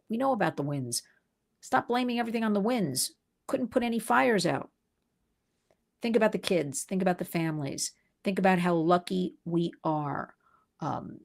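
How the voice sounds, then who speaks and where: A woman's voice: medium pitch, gravelly. A woman hosting an unscripted livestream, talking emphatically and with indignation and reading out viewers' comments. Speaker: livestream host. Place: New York City.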